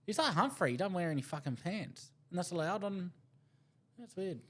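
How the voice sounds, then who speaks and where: A man's voice: high voice, expressive, normal speed, fairly bright tone. A man co-hosting a crude comedy podcast, reading out jokes, swearing and laughing at his own punchlines. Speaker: podcast co-host.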